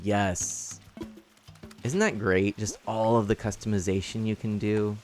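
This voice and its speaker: A man's voice: lowish voice, takes it slowly, pauses often, music in the background. A man casually streaming a life-sim game, chatting and laughing as he reads chat aloud and explains his setup. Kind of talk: casual live-stream commentary.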